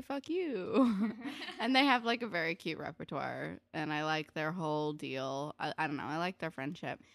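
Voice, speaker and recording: A woman's voice: fairly low pitch, a bit bright, no room sound, studio quality. A woman chatting casually about a TV episode, sarcastic and full of "like", swearing now and then. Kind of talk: casual recap chat.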